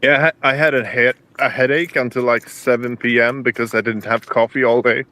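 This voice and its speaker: A man's voice: mid-range voice, steady tone, brisk, pushed and bright, no room sound. A man in a casual online chat, talking in a wry, joking way.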